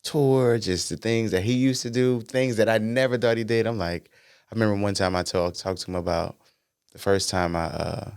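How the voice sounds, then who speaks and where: A man's voice: on the low side, moderate pace, clean tone, no echo, clean studio sound. A man, a singer-songwriter guest on a podcast, telling stories casually with slang and easygoing fillers. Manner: relaxed storytelling with slang and fillers.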